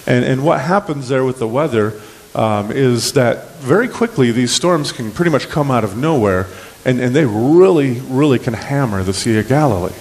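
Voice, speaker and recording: A man preaching a sermon in a relaxed, folksy, storytelling manner, with plenty of ums and restarts. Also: medium pitch, normal speed, big-room sound. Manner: folksy, conversational, many fillers and restarts. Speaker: pastor. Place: church sanctuary.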